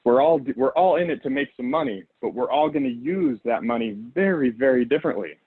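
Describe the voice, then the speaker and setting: A man gives a motivational talk over a thin, phone-like line, his voice slightly husky. He leads a guided visualization in a loose, rambling way, acting out quoted thoughts and tossing in "okay?" and "right?" after nearly every point. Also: medium pitch, animated, brisk. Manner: acts out quoted inner thoughts. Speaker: motivational speaker.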